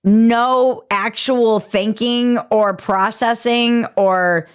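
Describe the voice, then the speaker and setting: Woman host, sarcastic, quick comic riffs, casual podcast banter. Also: fairly high pitch, steady tone, clean tone. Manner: sarcastic, riffing. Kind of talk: casual comedic commentary.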